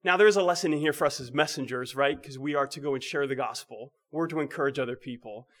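Speaking at a quick pace in a mid-range voice, a man gives a sermon that feels like conversation. He throws out rhetorical questions and lowers himself to a hushed, gentle tone for the important points.

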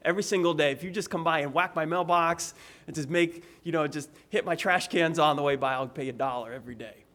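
Older retired man, sly and weary, speaks low and coaxing, as a preacher plays him in a story; a bit high-pitched. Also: fast talker, fairly bright tone, lightly acted.

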